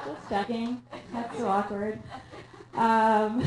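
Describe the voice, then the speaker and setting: A young woman from Canada performing a stand-up comedy set on a theatre stage, deadpan and self-mocking with quick asides. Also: fairly high pitch. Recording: echoey room, live audience.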